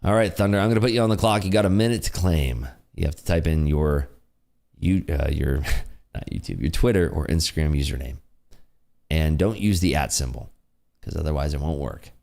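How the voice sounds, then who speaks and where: Hosting a laid-back trading livestream, this young man reads chat aloud, cracks jokes, and laughs often. He has a bass voice with vocal fry and a darkish tone, speaking at a moderate pace.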